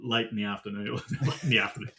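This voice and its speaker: An Australian man answering interview questions casually, lively and animated, getting worked up as he tells stories. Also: on the low side, rapid-fire, background noise. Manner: animated storyteller, gets worked up. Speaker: guest, supplier sales manager.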